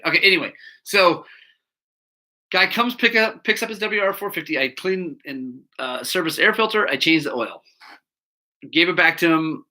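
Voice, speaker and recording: A man who runs a bike shop, telling a rambling anecdote to his audience. He laughs often and interrupts himself. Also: a little high. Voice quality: laughs often while telling stories, bleeps his own swearing. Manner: animated, rambling, self-interrupting anecdote teller. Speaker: bike shop owner and show host. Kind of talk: casual storytelling to a live audience.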